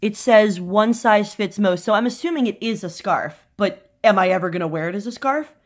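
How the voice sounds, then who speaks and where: A woman in a casual unboxing vlog, excitable and gushing, her voice swinging up into squealing highs. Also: moderate pace. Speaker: vlogger unboxing a fan subscription crate.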